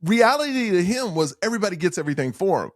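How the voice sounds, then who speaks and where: A man's voice: high-pitched, fast, dry recording, clean studio sound. A man, a comedian guest, telling stories on a podcast over a video call, acting out the voices of people in his stories. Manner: animated, acts out quoted dialogue. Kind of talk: storytelling in a podcast interview.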